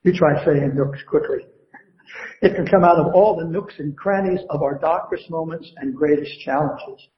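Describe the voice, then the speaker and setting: A man's voice: on the high side, normal speed, dull audio. Man preaching in a roomy church. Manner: preaching with rising emphasis and call-and-response questions. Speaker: pastor. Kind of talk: sermon. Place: church sanctuary.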